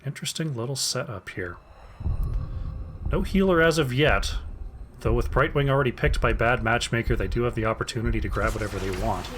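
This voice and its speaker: A man's voice: mid-range voice, fairly quick, fairly bright tone, a little hiss or hum. A man casting an esports draft solo, chatty and casual, talking to his chat between picks. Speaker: esports caster.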